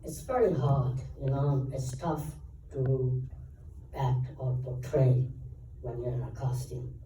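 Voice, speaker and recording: A man, a guest actor at a convention panel, telling animated anecdotes and acting out quoted dialogue. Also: mid-range voice, slow pace, a little hiss or hum. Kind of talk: storytelling Q&A answers. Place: large convention hall. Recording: echoey hall, taped from far off.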